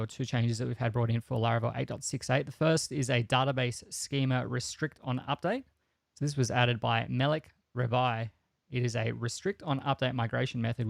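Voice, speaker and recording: Gravelly Australian man from Adelaide. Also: medium pitch, no echo. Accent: South Australian. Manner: relaxed, dry joking, brisk rundown of news items. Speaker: podcast co-host. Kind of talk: casual tech podcast chat.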